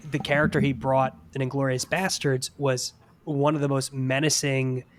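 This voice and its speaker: A man co-hosting a casual podcast, easygoing and quick to laugh along. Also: medium pitch, flat delivery.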